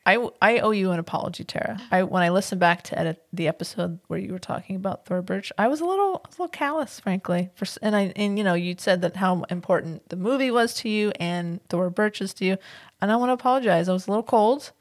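A woman's voice: medium pitch, animated, quick pace. A woman co-hosting a podcast, chatting casually, laughing often and reading out listener messages. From United States. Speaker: podcast co-host. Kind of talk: casual chat.

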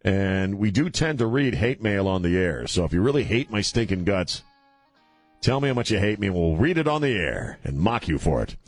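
A middle-aged man hosts a radio talk show, his voice low and the studio sound dry and close. He talks in a blunt, sarcastic way and rambles from point to point. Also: big pitch swings, normal speed, no room sound, faint music behind. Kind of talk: opinionated talk radio chat. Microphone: studio microphone.

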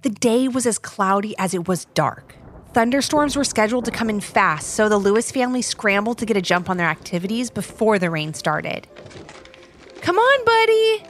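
A woman hosting and narrating a children's story in a bubbly, expressive way. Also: medium pitch, brisk, soft background music. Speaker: storyteller host.

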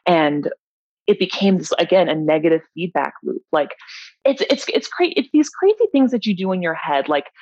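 A woman's voice: low voice, darkish tone, no echo. A young woman, a bike racer, giving open and reflective interview answers, with many "you know" fillers. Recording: dull, dry lo-fi audio.

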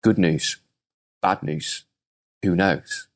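A calm old farmer who meets every twist with the same low, quiet shrug of a phrase, as a man voices him in a told story. His delivery is measured and unhurried. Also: vocal fry, exaggerated voice. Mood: unbothered. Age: older.

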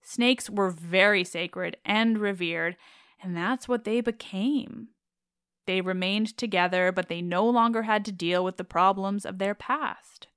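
Smooth-voiced woman presenting mythology. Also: medium pitch, measured pace, a bit bright, no room sound, studio quality. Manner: openly enthusiastic, affectionate about her subject. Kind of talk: informal mythology retelling.

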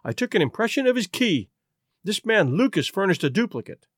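A man reading the part of a frightened aristocratic woman confessing in a rush, with a lively, rising and falling voice in a dry recording. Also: high-pitched, a little fast, no echo. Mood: anxious.

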